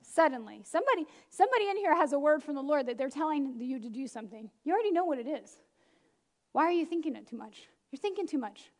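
A middle-aged woman preaching a lively sermon, laughing often and acting out the people she quotes. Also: sits high, quick pace.

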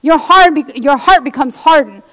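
A woman's voice: high-pitched, moderate pace, a bit bright, in a large hall. A woman preacher giving an impassioned sermon, reading scripture aloud and speaking straight to her congregation in a church.

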